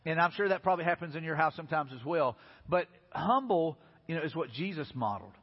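A male pastor rattles through his sermon at a quick clip, his voice pitched a little high and edged with huskiness. He keeps the tone chatty and informal, and the sound carries a long church-hall reverb through a dull, lo-fi recording. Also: animated, husky. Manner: casual, conversational preaching with lots of "hey, listen" and "you know".

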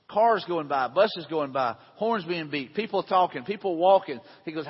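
A man's voice: on the high side, animated, normal speed, few pauses, husky. A middle-aged man preaching a conversational sermon to a room, asking the audience questions. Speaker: pastor. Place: large hall with audience. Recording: dull lo-fi sound in echoey hall.

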